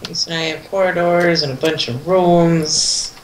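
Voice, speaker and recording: A player giving slow, hesitant directions and comments while a friend plays a horror game. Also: medium pitch, fairly even intonation, reverberant, a little hiss or hum, low-quality recording. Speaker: gamer. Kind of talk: casual let's play commentary.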